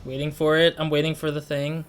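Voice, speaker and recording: A young man casually commenting on his game, excitable and rambling, with many fillers. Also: a little high, fairly quick. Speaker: gaming channel host. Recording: noisy home recording with game audio behind.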